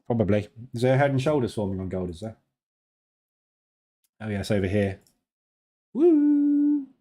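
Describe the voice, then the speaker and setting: A man's voice: fairly low pitch, brisk, dark tone. A British man hosting a live trading stream, chatting and joking in a digressive way.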